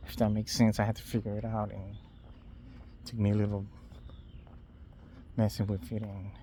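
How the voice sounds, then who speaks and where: A man's voice: fairly low pitch, monotone, mellow, a little hiss or hum. Rambling man on a night walk. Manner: loose, unhurried rambling with trailing restarts. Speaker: vlogger. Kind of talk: casual rambling walk-and-talk. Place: outdoors at night on a street. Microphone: phone held in hand.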